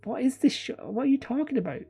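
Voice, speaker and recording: A woman's voice: high voice, very animated, fast, mellow, slightly rough, faint music behind. A woman hosting a casual livestream, reading viewer comments in a rambling, self-deprecating way and laughing often. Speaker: livestream host.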